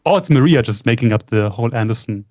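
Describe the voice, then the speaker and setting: A man's voice: medium pitch, expressive, quick pace, darkish tone, dry recording. A man joining a game stream with laid-back, dry remarks that sometimes trail off. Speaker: co-player on stream. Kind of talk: casual game chat.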